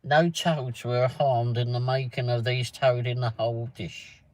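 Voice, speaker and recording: This English livestream host rambles casually from his car around town, reading live comments and replying to viewers by name. His medium-pitched voice is steady, unhurried, and darkish, with no room sound, though the audio is poor.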